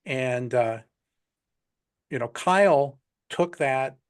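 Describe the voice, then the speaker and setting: A man's voice: mid-range voice, slow, clear, resonant tone. A man hosting a casual group video call. He wanders through his points and leans on "you know" and "right" again and again. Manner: rambling, with many "you know"s.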